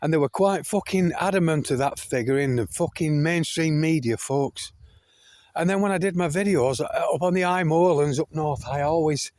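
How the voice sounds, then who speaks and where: A man's voice: a little high, moderate pace, a little mellow, dry recording. Older man, swearing rant. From United Kingdom. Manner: heavy swearing, keeps addressing listeners as folks; repetitive, emphatic, restarts. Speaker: video blogger. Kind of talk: ranting monologue to camera.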